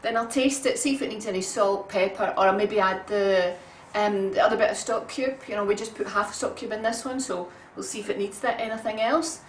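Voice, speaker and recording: A woman giving a relaxed, homely cooking demonstration in her kitchen, chatting along with frequent ums. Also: medium pitch, fairly quick, few pauses, slight background noise. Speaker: home cook. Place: home kitchen. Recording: roomy kitchen sound from a distant mic.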